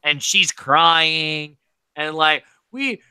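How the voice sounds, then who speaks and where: A man hosting a podcast, recapping a reality show in animated casual chat. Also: high-pitched, moderate pace, no room sound, low-quality recording. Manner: animated, quotes people in put-on voices. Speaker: podcast host.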